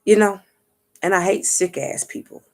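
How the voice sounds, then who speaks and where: A woman's voice: mid-range voice, moderate pace, creaky. A woman vlogger and spiritual reader telling a story in a casual monologue, cursing freely, acting out what others said and checking in with her viewers. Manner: profane, street-talking, keeps asking "you get what I'm saying"; animated, acts out what others said.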